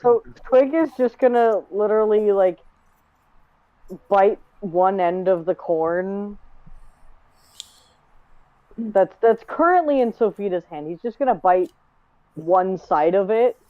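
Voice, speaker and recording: A woman's voice: medium pitch, expressive, no echo. Woman player on a dull, dry mic. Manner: descriptive, drawn-out narration of her character's actions. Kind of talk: casual tabletop play.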